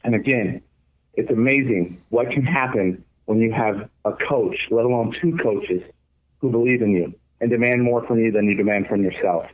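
A man's voice: lowish voice, moderate pace. Earnest young man on a tinny line. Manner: earnest, reflective storytelling. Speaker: guest, former college baseball pitcher. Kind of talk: storytelling interview.

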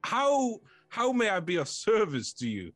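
A man voicing a lonely, shy living fort with a genteel, old-fashioned, stammering manner, pitched well above his own voice. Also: huge pitch swings, unhurried, fairly bright tone, dry recording, full character voice. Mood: eager. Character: lonely, shy talking fort, polite and fussy.

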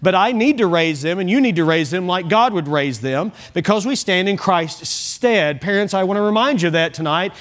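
A middle-aged man gives an evening sermon from a church pulpit. His voice sits fairly high for a man. He talks in a folksy way, often repeating a word or restarting a phrase before carrying on. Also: lively intonation, normal speed, hardly any pauses, a bit bright. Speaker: pastor. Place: church sanctuary.

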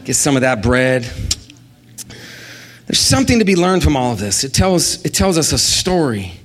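A man preaching a sermon as pastor, animated and sing-song, leading the congregation in call-and-response. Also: medium pitch, normal speed.

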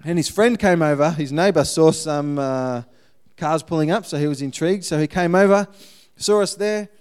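Smooth, higher-voiced man telling a testimony. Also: moderate pace. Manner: lively, acts out the people in his story. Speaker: guest speaker, missionary. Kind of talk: storytelling sermon testimony.

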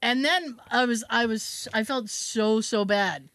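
A woman telling a funny story in casual chat, acting out the people in it with lively voices and frequent laughter. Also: fairly high pitch, unhurried, no echo. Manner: animated, acts out quotes in shifting voices, laughs often. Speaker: podcast co-host telling a story.

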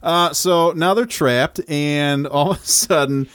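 A man's voice: fairly high pitch, slow pace, a bit bright, clear, resonant tone, no room sound, studio quality. A man in casual conversation about a movie, amused and given to wry asides. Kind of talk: casual movie recap chat.

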